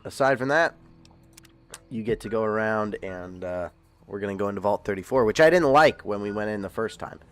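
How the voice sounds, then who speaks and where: Rambling low-voiced male streamer. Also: a little fast. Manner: rambling, with many fillers and restarts. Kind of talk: casual livestream chat.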